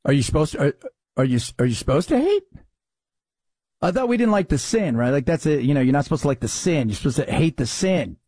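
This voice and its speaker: A man's voice: fairly high pitch, very animated, fast talker, a little mellow, slightly rough, no room sound. A man hosting a commentary show, talking in a sarcastic, exasperated way. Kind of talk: opinionated commentary.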